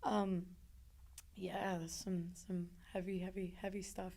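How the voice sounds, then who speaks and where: A woman telling a painful personal story in an interview, emotional and halting, with frequent restarts. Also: medium pitch, flat delivery, gravelly, a little mellow. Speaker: interview guest.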